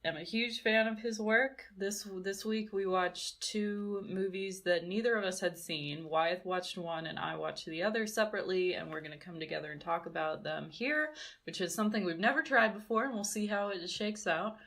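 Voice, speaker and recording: A woman's voice: medium pitch, moderate pace, gravelly, a bit bright. A woman co-hosting a podcast, chatting casually and laughing easily. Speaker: podcast co-host. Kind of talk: casual chat.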